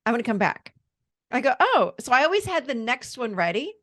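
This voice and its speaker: Earnest woman coach, higher voice, really enthusiastic when she talks. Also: big pitch swings, quick pace. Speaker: therapist and coach, guest. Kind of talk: casual interview chat.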